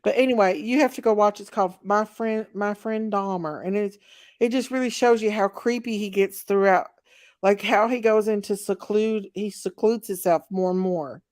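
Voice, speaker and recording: A woman's voice: medium pitch, normal speed, darkish tone, no room sound. Southern lady chatting on her live stream, dry close sound, just rambling along. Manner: chatty, drawling, reads viewer comments aloud. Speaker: livestream host. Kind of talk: casual livestream chat.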